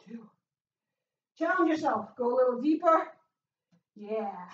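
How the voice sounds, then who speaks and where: She's a fitness instructor doing the workout with her live viewers, out of breath, slow-paced and lively in intonation, her high voice cheering them on with loud whoops and panting between exercises. Distant miking in a small closed room makes her sound roomy and slightly dull.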